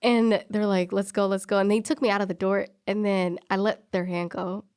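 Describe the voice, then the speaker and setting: A woman's voice: mid-range voice, normal speed, smooth. A woman casually recounting a story, acting out the other people's lines and laughing often. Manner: animated, quotes people in dialogue, laughs often.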